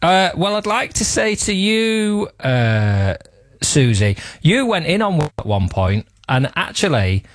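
A man's voice: on the high side, big pitch swings, measured pace, no echo. A man hosting a radio show in a casual comedic chat, rambling and teasing, and laughing often. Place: radio studio.

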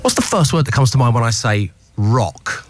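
A man's voice: medium pitch, big pitch swings, moderate pace, a little hiss or hum. A man hosting a radio breakfast show, chatting and joking in a teasing, playful way. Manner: jokey, teasing, laughs often. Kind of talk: casual radio banter.

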